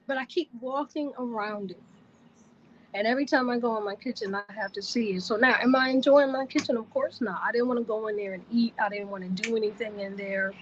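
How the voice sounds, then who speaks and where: A woman's voice: fairly high pitch, brisk, highs cut off, a little hiss or hum. A woman vlogger telling a personal story to the camera, vivid and repetitive in her retelling.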